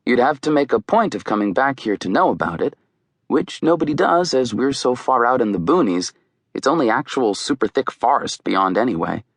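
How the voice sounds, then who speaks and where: A man's voice: mid-range voice, lively intonation, moderate pace, no echo. A man narrating an audiobook in a wry, conversational storytelling way. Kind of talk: scripted narration.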